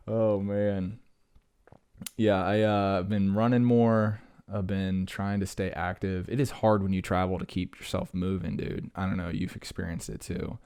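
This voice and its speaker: A man's voice: sits low, a little mellow. A young adult man hosting a podcast, chatting casually in a rambling, jokey, self-deprecating way with lots of fillers. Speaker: podcast host. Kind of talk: casual solo chat.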